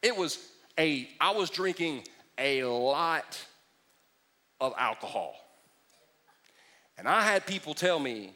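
A middle-aged man preaches with a bright, forward tone and a fairly high voice. He keeps things animated and joking, slipping into mocking impressions. The delivery is a lively sermon. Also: takes it slowly, pauses often. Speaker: pastor.

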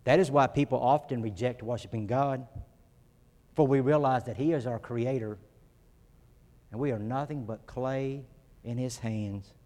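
A man's voice: medium pitch, measured pace, pauses often, darkish tone. A man preaching a sermon, earnest, with his voice lifting for emphasis. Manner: earnest preaching, rises when acting out quotes. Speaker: pastor. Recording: long reverb of a hall.

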